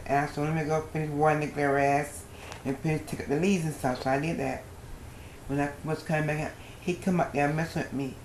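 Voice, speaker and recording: An older woman telling a personal story as a guest, in a lively storytelling manner with a dialect grammar. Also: low-pitched, reverberant, a little hiss or hum.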